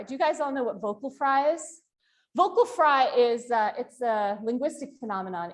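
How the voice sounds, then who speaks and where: A woman lecturing at a university panel, asking the audience questions as she goes. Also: fairly high pitch. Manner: animated, asks the audience questions.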